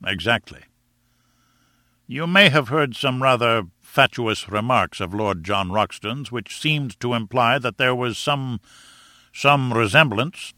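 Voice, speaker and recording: A man's voice: mid-range voice, takes it slowly, pushed and bright, no echo, clean studio sound. A man voicing a pompous, self-important elderly professor in an audiobook, declaiming grandly.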